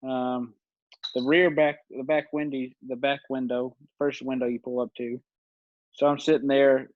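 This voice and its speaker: A man's voice: mid-range voice, flat delivery, a little slow, no room sound. A man in his twenties, a podcast guest, telling stories in a rambling, casual way, laughing often and using lots of fillers. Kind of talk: casual storytelling chat. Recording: dull, dry lo-fi recording.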